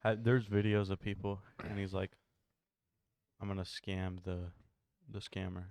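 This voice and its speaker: Male co-host, low laid-back voice, trails off, dry close sound. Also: little pitch movement, unhurried, darkish tone, dry recording. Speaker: podcast co-host. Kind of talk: casual chat.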